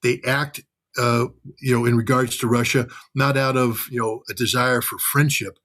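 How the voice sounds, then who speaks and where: A commentator guest from the United States offers fiery, blunt, profane political takes, putting on other people's voices to make his point. His mid-range voice is a bit bright, with fairly even intonation and a moderate pace.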